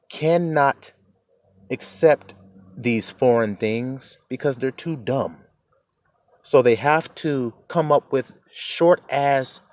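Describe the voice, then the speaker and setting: A man's voice: mid-range voice, darkish tone, no echo. A man preaching in a casual, emphatic way, cursing freely and chuckling often. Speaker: religious teacher. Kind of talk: informal preaching rant.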